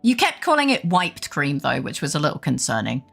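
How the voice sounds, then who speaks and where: A woman streamer chatting casually with her live chat, rambling through a funny story with animated retellings. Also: low-pitched, a little fast, vocal fry, soft background music. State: unwell with brain fog.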